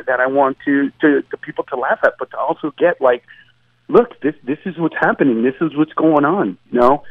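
A man's slightly high voice comes through a tinny phone line with no room sound. He's a comedian guest, animatedly telling jokes in an emphatic, stammering manner and acting out voices.

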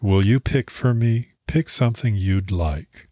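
A shy, hopeful male amphibian alien in a storybook, voiced by a man. He sounds eager and soft. The voice is deep, and the sound is dry and close. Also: unhurried, no room sound.

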